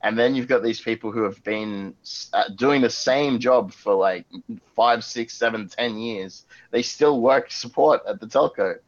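A man telling a rowdy, profane work story, getting loud as he acts it out. His voice sits at a middle pitch. The audio is dull and lo-fi. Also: a little slow. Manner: profane, animated storytelling with bursts of shouting. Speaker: podcast panelist. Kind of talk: casual storytelling.

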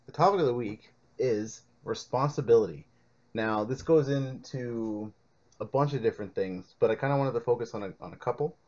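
A man's voice: mid-range voice, moderate pace, a little mellow. A man hosting a casual podcast, introducing the topic in a rambling way with many fillers. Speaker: podcast host. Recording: dull lo-fi podcast audio.

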